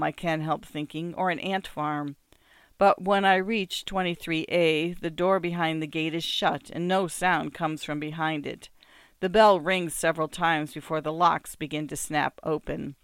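Smooth clear storyteller reading a first-person novel, steady and measured, dry close sound. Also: medium pitch, no room sound. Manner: measured, descriptive, smooth delivery. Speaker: narrator.

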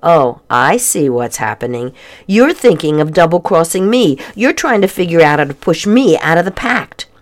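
A woman voicing a defensive, scheming young girl with a whiny, pleading voice that climbs high. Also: sing-song, normal speed. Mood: suspicious. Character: pushy pink-haired girl, defensive and scheming.

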